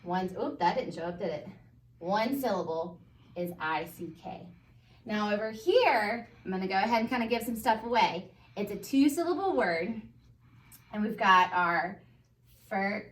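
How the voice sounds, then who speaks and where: A woman with a Southern US accent, teaching a phonics review to first graders in a patient, encouraging way, sounding words out slowly. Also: medium pitch. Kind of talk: phonics lesson for young children. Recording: echoey room, voice a bit far from mic.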